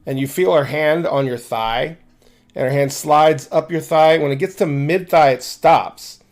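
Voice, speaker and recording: A man narrating a tabletop roleplaying game as game master, talking quickly with frequent restarts. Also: fairly high pitch.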